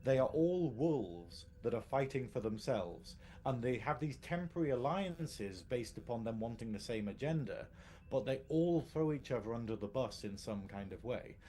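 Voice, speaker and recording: A man's voice: mid-range voice, expressive, normal speed, warm tone, a little hiss or hum. A man co-hosting a casual live podcast, rambling and restarting his sentences, laughing often. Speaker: podcast co-host.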